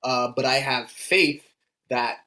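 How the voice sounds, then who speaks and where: A man co-hosting a podcast in casual chat, halting and hesitant, often pausing with "um" and restarting sentences. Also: medium pitch, sharp tone. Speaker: podcast co-host.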